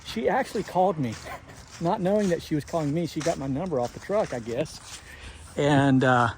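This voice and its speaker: A man's voice: fairly high pitch, moderate pace. A man filming a casual work vlog, muttering sarcastic complaints while he washes a house outdoors. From United States. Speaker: pressure washing business owner. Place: outdoors at a house job site. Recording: noisy outdoor sound.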